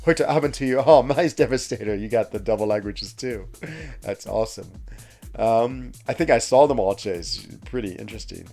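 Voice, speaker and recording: Low, mellow-voiced man chatting on a stream. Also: moderate pace, creaky, faint music behind. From West Virginia, United States. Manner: rambling, chatty storytelling with frequent fillers and laughs, reading out chat. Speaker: game streamer. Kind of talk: casual chat while livestreaming a mobile game.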